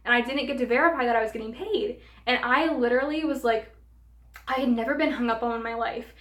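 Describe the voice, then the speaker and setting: A young woman vlogger tells a storytime in an animated way, with plenty of fillers. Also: a little high, fast. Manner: animated, filler-heavy retelling. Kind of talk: storytime vlog. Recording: roomy room echo.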